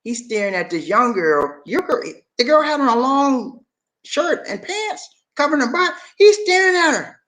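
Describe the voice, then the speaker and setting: A man's voice: extremely high pitch, sing-song, moderate pace, pushed and bright, poor audio. A man hosting a casual livestream, chatting to his viewers and calling them y'all. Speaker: livestream host.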